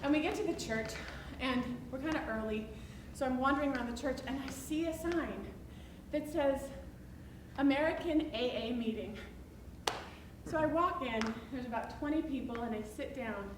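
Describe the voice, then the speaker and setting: A woman telling a personal story to a live audience, animated and self-deprecating. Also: high-pitched, fairly quick. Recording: roomy, distant mic with background noise.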